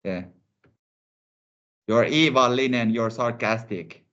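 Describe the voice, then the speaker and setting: A man's voice: medium pitch, slow pace, a bit bright. A man co-hosting a casual language discussion, patiently explaining how words are built. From Finland. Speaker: co-host. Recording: dull lo-fi recording.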